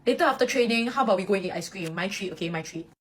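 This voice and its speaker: A woman voicing a gruff young male teammate who comforts his crying friend bluntly. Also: mid-range voice, expressive, rapid-fire, close to an everyday voice. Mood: coaxing. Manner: blunt, soothing, then scolding. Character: gruff but soft-hearted young male vice-captain.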